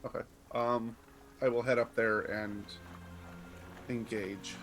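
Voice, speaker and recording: A man's voice: mid-range voice, steady tone, slow pace, fairly bright tone, soft background music. Hesitant man playing a tabletop game. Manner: hesitant, asks questions. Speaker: player.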